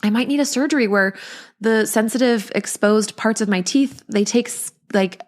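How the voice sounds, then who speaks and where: A woman's voice: mid-range voice, normal speed. A woman in her thirties and a postpartum mother, talking openly and chattily as a podcast host, with many "like" fillers. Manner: open, chatty, frequent "like" fillers. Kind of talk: candid personal monologue.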